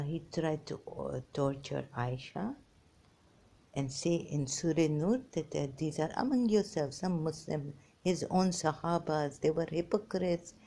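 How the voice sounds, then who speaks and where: Reading scripture aloud in non-native English, a religious commentary host rambles emphatically and repetitively, veering from mutters to exclamations. Her voice sits low, with a creaky, warm tone.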